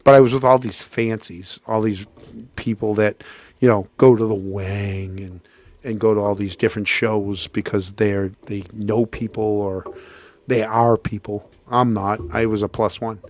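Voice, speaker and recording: A man hosting a podcast tells a long story in casual conversation, acting out every quote with big jumps in pitch like an animated storyteller. He speaks unhurriedly, and there's no echo.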